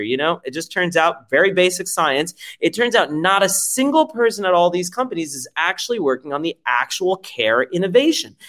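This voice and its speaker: A man, a startup chief executive, making an animated, emphatic case in conversation, full of rhetorical questions, swearing and acted-out scenarios. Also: high voice. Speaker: startup CEO guest. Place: podcast interview.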